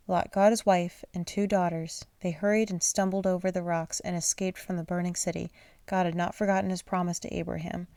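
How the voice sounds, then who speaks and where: A woman's voice: fairly low pitch, little pitch movement, fairly quick, dark tone, dry recording. A woman reading a children's bible aloud at bedtime, sleepy and yawning, often stumbling over words and apologizing. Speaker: reader.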